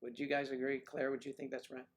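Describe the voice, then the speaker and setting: A man's voice: mid-range voice, flat delivery, fast talker. Folksy man chatting on a livestream. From Mid-Atlantic United States. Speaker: livestream host. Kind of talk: casual livestream chat.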